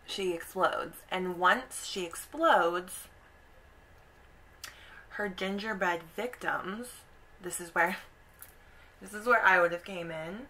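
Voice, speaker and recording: A woman's voice: lowish voice, sharp tone, low-quality recording. A woman YouTuber casually retelling an opera's story, chatty with lots of "like" and "kind of".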